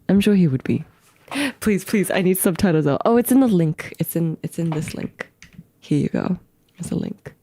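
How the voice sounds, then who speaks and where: A woman streamer chatting casually with her viewers, giggling often and breaking into squealing high laughs, with a slangy way of talking. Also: warm tone, husky, dry recording. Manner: talks to chat, slangy. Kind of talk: casual live-stream chat reacting to clips.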